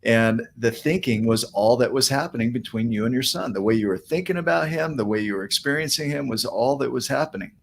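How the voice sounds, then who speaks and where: A male podcast host reflecting aloud in a calm, coaching manner. His voice sits in a mid range, with a faint hiss of noise in the background. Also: medium pitch, fairly quick, vocal fry, few pauses. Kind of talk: conversational interview.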